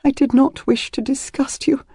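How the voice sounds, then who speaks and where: Man voicing a hushed, tearful young woman warrior. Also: high voice, normal speed, creaky, no echo, studio quality, voice pushed up. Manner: hushed, tremulous. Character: frightened young woman warrior, shy and tender.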